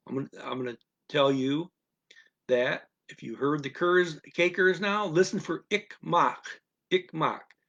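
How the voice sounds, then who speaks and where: A man's voice: mid-range voice, vocal fry, fairly bright tone. A man teaching a listening lesson on a live stream, patient and repetitive, checking in with "okay?" again and again. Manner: slow, patient, repeats instructions with frequent "okay?". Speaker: language teacher.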